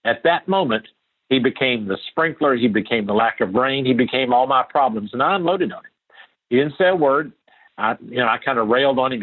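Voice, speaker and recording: A man's voice: medium pitch, expressive, a little fast, phone-quality sound. An older man from Appalachia, a guest answering interview questions in an earnest, emphatic way that repeats key phrases.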